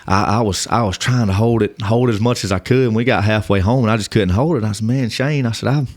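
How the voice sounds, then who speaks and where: Earnest, halting man with a dry sound. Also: on the low side, no room sound. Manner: halting, repeats words, earnest. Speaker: podcast guest. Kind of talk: personal testimony in casual conversation.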